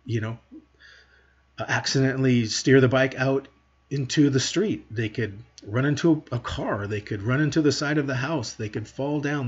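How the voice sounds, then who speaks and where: Husky guy lecturing parents, earnest, asks lots of questions, kinda muffled lo-fi sound. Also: medium pitch. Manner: earnest, talks to parents directly with rhetorical questions. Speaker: parenting educator. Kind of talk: teaching monologue to camera.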